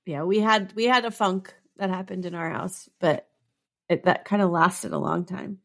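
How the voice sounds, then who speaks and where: A woman's voice: fairly low pitch, steady tone, moderate pace, gravelly, a bit bright. A woman talks in an upbeat, casual way and reacts readily to her co-host. She records from a closet at home in easy podcast chat.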